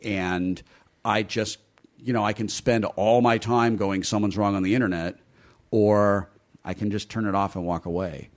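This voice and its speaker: A man's voice: lowish voice, fairly even intonation, moderate pace. A middle-aged man telling stories in casual chat, candid and profane, laughing often. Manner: candid storyteller, swears freely, laughs often.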